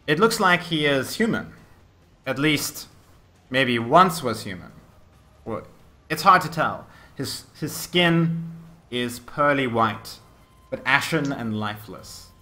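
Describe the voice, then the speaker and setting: A man running a tabletop game as game master, describing each scene vividly. He often restarts his phrases. His voice has a bright, forward edge. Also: medium pitch, expressive, takes it slowly.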